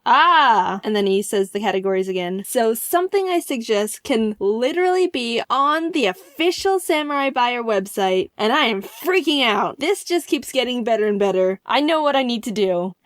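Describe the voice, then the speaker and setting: Woman storyteller, jokey and excitable, higher pitch, dry voice-over. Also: normal speed, hardly any pauses, no room sound. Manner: excitable, jokey, with sudden loud outbursts. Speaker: animator telling a story. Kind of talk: animated storytime narration.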